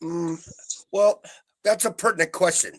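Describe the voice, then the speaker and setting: A man's voice: fairly even intonation, a little slow, a bit bright. A middle-aged man bantering casually on a live stream, joking and swearing. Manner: swearing, joking, wild pitch jumps.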